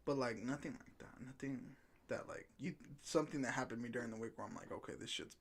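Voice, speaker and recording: A man's voice: mid-range voice, fast, vocal fry, slight background noise. Laid-back swearing podcast co-host, man. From California. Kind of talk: casual chat.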